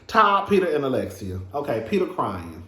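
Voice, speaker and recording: A man's voice: mid-range voice, huge pitch swings, moderate pace, sharp tone, reverberant. A man giving a casual, emphatic and profane recap of a reality TV episode, talking straight to his viewers as a show reviewer.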